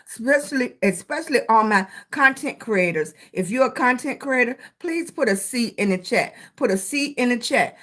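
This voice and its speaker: A middle-aged woman with a Southern accent hosting a casual live stream, greeting her viewers by name with endearments and encouraging them to keep going. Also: fairly high pitch. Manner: warm greetings to chat viewers, with terms of endearment; encouraging, motivational. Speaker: livestream host.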